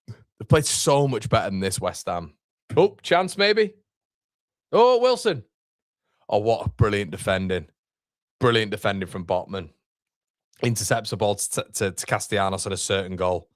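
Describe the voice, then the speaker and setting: A man's voice: deep voice, normal speed, no room sound, studio quality. A man hosting a live football watchalong, reacting to the match and reading out chat messages. He swears, repeats himself and trails off, and his voice jumps up on near chances.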